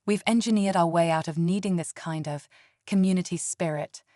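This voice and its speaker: Brief: a woman reading as a curious young alien woman, formal and measured, slightly low voice, dry close sound. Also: mellow, dry recording, close to an everyday voice. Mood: earnest.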